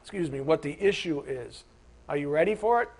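A man's voice: fairly high pitch, lively intonation, a little fast, darkish tone. A man preaching a sermon in a conversational, emphatic way, acting out imagined voices of his listeners.

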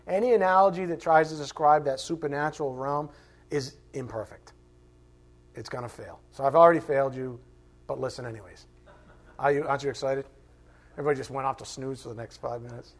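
A man teaching a Bible class in a conversational way, asking rhetorical questions and acting out quoted voices. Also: on the high side. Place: classroom with a board.

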